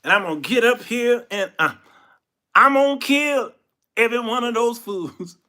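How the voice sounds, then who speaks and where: A man voicing a boastful long-haired strongman with a slow, swaggering drawl. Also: extremely high pitch, lively intonation, sharp tone, voice pushed up, heavily acted.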